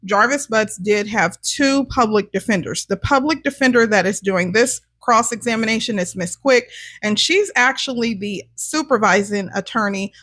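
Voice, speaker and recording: A woman hosting a true-crime commentary show, reading court transcripts aloud and explaining them in a measured, deliberate way. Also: mid-range voice, fairly bright tone, no echo. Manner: measured, deliberate explaining, corrects herself mid-read.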